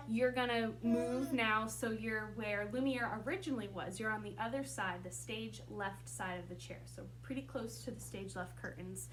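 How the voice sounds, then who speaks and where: A woman's voice: mid-range voice, moderate pace, noisy background. A woman directing a school play, giving blocking notes to her actors in a casual way full of fillers. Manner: casual and chatty, with many fillers. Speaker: drama director.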